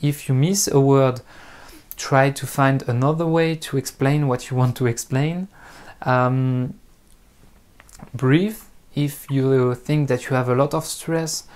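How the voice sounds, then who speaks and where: A man with a French accent, a native French speaker, talking slowly and carefully to camera as an online French teacher, with many pauses and restarts. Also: mid-range voice, steady tone, a little mellow, smooth. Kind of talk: casual talk to camera.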